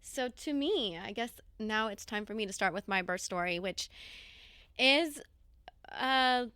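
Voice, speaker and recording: A woman's voice: medium pitch, expressive, a little slow, sharp tone, smooth, no echo. A young woman co-hosting a podcast, a supportive listener who laughs often and chats casually. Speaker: podcast co-host.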